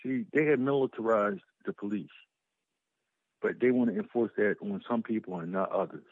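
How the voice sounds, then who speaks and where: Husky man telling a heated story. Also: on the low side, moderate pace. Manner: animated storytelling, swearing, repeated restarts. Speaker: co-host. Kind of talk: casual talk show banter. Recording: muffled lo-fi sound.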